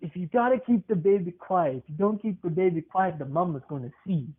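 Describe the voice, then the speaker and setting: A gritty old grandma hosts a wildlife show, giving tips in a folksy, instructive way, as a man puts her on. The voice sits high. The recording is thin and phone-like. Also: fairly quick, background noise, close to an everyday voice. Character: tough older grandmother hosting a wildlife show. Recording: tinny phone-like sound.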